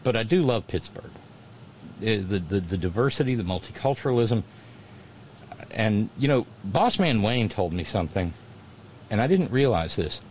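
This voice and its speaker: A male radio host talks straight to his listeners in a loose, meandering way, circling back and restarting his sentences. His voice sits on the low side. A faint hum of room noise runs under him. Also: lively intonation, normal speed, long pauses, darkish tone. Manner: rambling, many restarts and fillers. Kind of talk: casual monologue to listeners.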